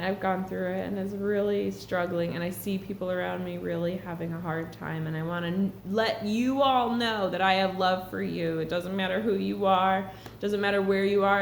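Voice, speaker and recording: A woman's voice: lowish voice, vocal fry. A woman talking earnestly and reflectively to camera in a casual spiritual vlog. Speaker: spiritual vlogger. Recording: echoey room with faint background hum.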